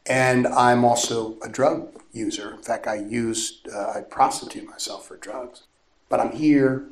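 A man voicing a remorseful woman confessing in church, speaking haltingly and on the edge of tears. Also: mid-range voice, fairly even intonation, close to an everyday voice. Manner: hesitant, halting, tearful. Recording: echoey room with faint noise.

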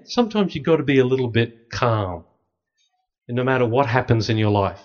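A middle-aged man, a priest, telling lively stories with dry humor to an audience. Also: medium pitch, brisk. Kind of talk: storytelling talk to an audience. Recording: slightly dull lo-fi recording.

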